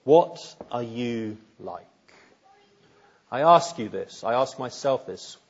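A man's voice: medium pitch, animated, slow, dull audio. A man preaching a sermon in an earnest, searching way, putting pointed questions to his listeners.

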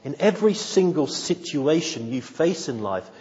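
A man's voice: on the high side, sing-song, moderate pace, darkish tone. A man delivers a sermon, driving home each point by repeating it and asking the congregation pointed questions. His voice rings out with a long reverb tail through a church hall. The recording sounds somewhat dull and muffled. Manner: emphatic, repeats key phrases, rhetorical questions. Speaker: pastor.

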